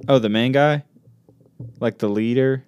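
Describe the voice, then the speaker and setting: A young man with a Southern US accent, chatting in a talkative, animated way and acting out movie lines. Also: mid-range voice, slight background noise. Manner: talkative, animated, quick to act out lines from scenes. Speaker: podcast co-host. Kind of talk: casual chat.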